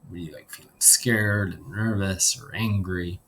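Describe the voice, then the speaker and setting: A man, a teacher, reads a novel aloud to his class at an unhurried storytelling pace, voicing the characters' lines, then gives a class assignment. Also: low-pitched, steady tone, fairly bright tone, slight background noise.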